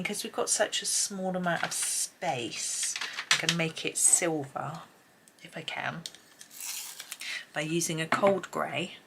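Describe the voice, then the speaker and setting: A woman hosting a colouring tutorial, chatting as she works and often dropping to a soft near-whisper. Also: lowish voice, slight background noise. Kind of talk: relaxed colouring tutorial narration.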